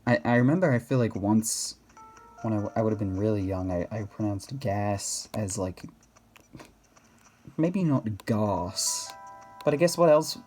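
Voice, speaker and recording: A man's voice: on the low side, expressive, a little slow, a little mellow, soft background music. An Australian man chatting casually over gameplay, rambling and self-correcting with laughs. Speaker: gaming video host.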